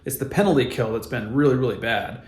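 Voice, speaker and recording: Exasperated hockey fan ranting, echoey room. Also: male voice, medium pitch, fast. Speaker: hockey vlogger. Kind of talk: opinionated sports commentary vlog.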